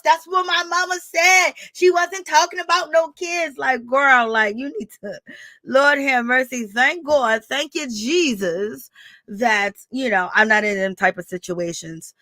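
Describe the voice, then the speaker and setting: A woman hosts a casual recap chat, animated and quick to laugh. Her voice sits high and bright, and the recording is close and dry with no room sound. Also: no room sound. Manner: animated, laughing, expressive reactions. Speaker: reality TV recap host.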